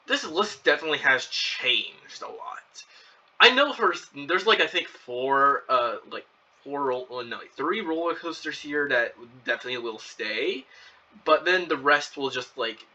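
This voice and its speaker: Young male channel host, halting commentary; sharp bright tone, mic set back from him. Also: medium pitch, expressive. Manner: hesitant, many fillers and restarts. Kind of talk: casual reaction commentary. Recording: lo-fi, distant from the mic.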